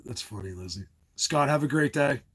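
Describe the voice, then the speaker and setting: Husky, rambling middle-aged man. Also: medium pitch, expressive, moderate pace, poor audio. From New Jersey. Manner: rambling, tangent-hopping, laughs often. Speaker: livestream host. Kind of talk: casual live-stream chat with viewers.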